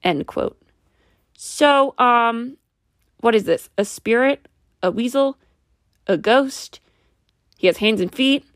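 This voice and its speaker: A woman's voice: fairly high pitch, lively intonation, takes it slowly, pauses often, dry recording, clean studio sound. A woman telling a strange true story in a casual way, with skeptical, wry asides.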